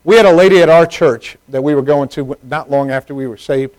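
A middle-aged man preaching a sermon, moving from hushed personal stories to loud, emphatic preaching. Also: a little high, a little fast, no echo, rough recording.

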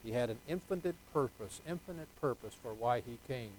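An older man preaching a sermon, swinging between soft asides and loud emphatic points, with folksy jokes. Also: medium pitch, expressive, a little fast, hardly any pauses, poor audio. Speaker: pastor.

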